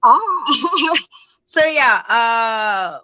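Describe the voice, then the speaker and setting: A woman guest on a wrestling chat show, talking on her phone in a relaxed, hesitant way. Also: a little high, drawn-out words, low-quality recording. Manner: relaxed, hesitant, speaks in likes. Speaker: guest panelist. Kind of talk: casual wrestling prediction chat.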